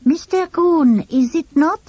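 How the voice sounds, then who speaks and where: A woman voicing a polite, timid French schoolboy with a French accent who speaks halting broken English. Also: high-pitched, warm tone, no room sound, pitched above the performer's own voice. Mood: courteous.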